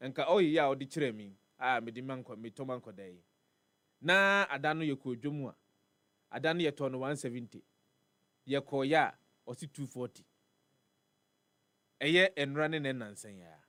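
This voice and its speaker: A man's voice: mid-range voice, moderate pace, long pauses, fairly bright tone, no room sound. A man with a Ghanaian accent hosting a live morning radio show, reading weather and traffic and chatting, repeating words for emphasis. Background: faint music bed.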